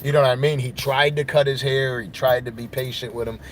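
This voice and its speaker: A man holds forth as a podcast host, telling his side of a story in a loose, wandering monologue. His speech is peppered with curses and he keeps checking in with the listener. His pitch sits in an ordinary middle range. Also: fairly even intonation, a little fast, slight background noise. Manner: profane and rambling, with frequent "you know what I mean".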